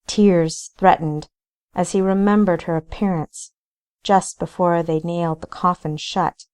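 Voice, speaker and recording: Woman, author, audiobook narration, very slow, lowish voice, deliberate. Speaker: author reading her novel.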